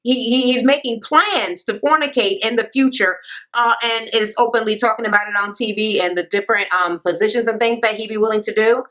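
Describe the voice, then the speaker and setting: A woman recapping reality TV on her vlog in a casual, ranting style. Her voice sits a little high and sounds bright and sharp. She talks bluntly, swears freely and throws sarcastic asides at the viewer. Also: fairly quick, poor audio. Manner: blunt, sassy and heavily profane.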